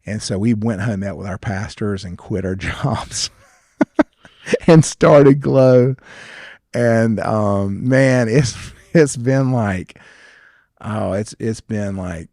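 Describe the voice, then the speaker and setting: A man, a ministry founder and guest, sharing stories in an earnest, animated way, often restarting his sentences. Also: fairly low pitch, slow pace, dry recording, clean studio sound. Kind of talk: conversational storytelling interview.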